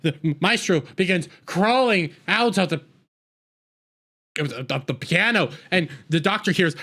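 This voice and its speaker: A man's voice: a little high, expressive, moderate pace, a bit bright. A man rambling through a casual episode recap with a sarcastic edge. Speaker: TV episode reviewer.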